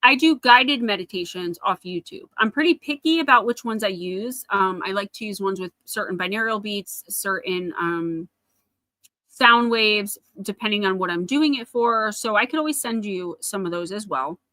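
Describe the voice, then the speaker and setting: A woman's voice: mid-range voice, moderate pace, sharp tone, no echo. A woman with a New Jersey accent giving a live oracle card reading. She chats directly to viewers and often calls them by name.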